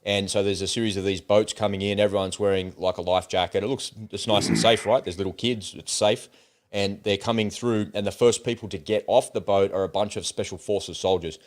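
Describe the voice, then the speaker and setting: A man's voice: on the low side, fairly even intonation, brisk. A man hosting a casual talk show, retelling a video he watched in a conversational, storytelling way. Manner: storytelling, relaying a video at length. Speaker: host.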